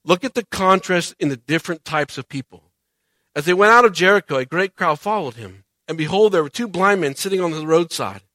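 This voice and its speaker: A man preaching a sermon as a pastor, animated, swinging between loud and soft and acting out quoted voices. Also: high-pitched, brisk, no room sound.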